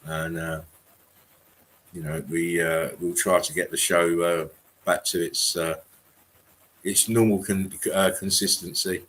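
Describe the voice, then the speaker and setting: A man's voice: sits low, flat delivery, unhurried, pauses often, a bit bright. A man co-hosting a livestream, talking casually with many fillers and restarts. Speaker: stream co-host.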